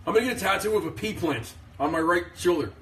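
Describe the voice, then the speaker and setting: A man hosting a casual live stream, joking in a deadpan, sarcastic way and rambling with lots of filler words into a phone. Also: sits high, fast talker, recorded from a distance. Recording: roomy, voice away from the mic.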